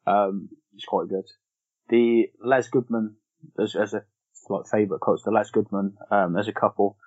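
A man's voice: fairly low pitch, fairly even intonation, moderate pace, a little mellow. A man co-hosting a podcast, talking casually about films in a rambling, hesitant way with many ums. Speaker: podcast co-host. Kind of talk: casual film discussion. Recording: dull lo-fi podcast audio.

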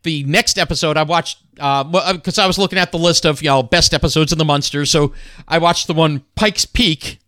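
A man's voice: on the high side, fairly even intonation, brisk, bright, forceful tone, no echo, clean studio sound. A man co-hosting a podcast in casual chat, hesitant with fillers and full of trivia. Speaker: podcast co-host. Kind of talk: casual chat about old sitcoms.

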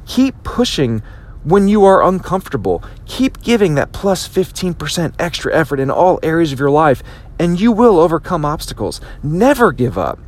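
A man delivers a motivational podcast talk, his fairly high voice swooping widely as he pushes his point. He stumbles into restarts and repeats words, then jumps into acted-out quotes. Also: moderate pace. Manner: animated, repetitive restarts, acts out quotes. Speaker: podcast host.

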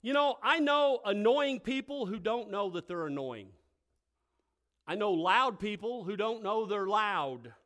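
An older man who is a pastor, telling folksy stories that build into loud, emphatic preaching. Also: high-pitched, lively intonation, unhurried. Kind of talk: sermon with storytelling.

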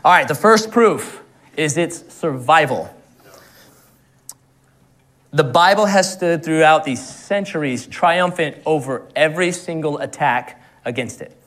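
Young man preaching, slightly high voice, earnest, chuckles through his anecdotes. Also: animated, a little slow, fairly bright tone. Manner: earnest, laughs often at his own stories. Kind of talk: sermon.

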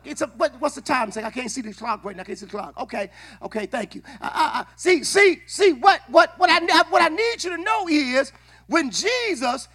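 A man preaching a sermon in a church, calling on the congregation to answer back. He often repeats and restarts his words, and he builds up to shouting. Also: very high voice. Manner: call-and-response preaching, rising to shouts. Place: church sanctuary.

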